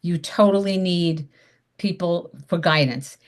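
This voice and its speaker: Over a video call, a woman with a lowish voice and measured pace leads a Zoom lesson on direct sales. Chatty and emphatic, she demonstrates upbeat invitation calls as a mentor would.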